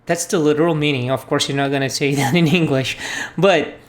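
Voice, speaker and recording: A woman's voice: low voice, fairly quick. A woman teaching a language lesson, patiently repeating phrases for learners. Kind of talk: slow spoken language lesson.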